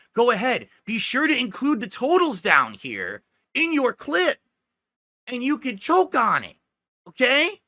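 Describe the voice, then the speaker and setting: Male streamer, high voice, boastful and mocking, lots of swearing. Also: pushed and bright, dry recording. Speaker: livestreamer. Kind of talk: livestream rant.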